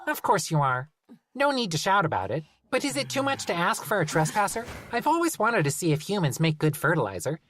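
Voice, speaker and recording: A reader performs a prim, bearded garden gnome woman from a storybook, her voice lifted high above the narration and carried with a lively, sing-song lilt. She speaks haughtily and bluntly, treating grim ideas as everyday matters. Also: fairly quick, slight background noise. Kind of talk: audiobook character reading.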